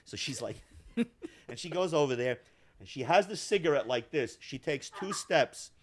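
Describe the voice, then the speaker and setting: A podcast host with a slightly high voice speaks at an unhurried pace. He's chatting casually, spinning an animated story packed with swearing and laughter.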